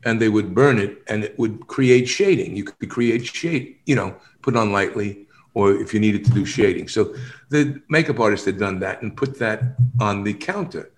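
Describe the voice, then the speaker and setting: A male actor tells stories in a casual interview, animated and often laughing as he acts out other people's lines. His voice is on the low side, at a moderate pace.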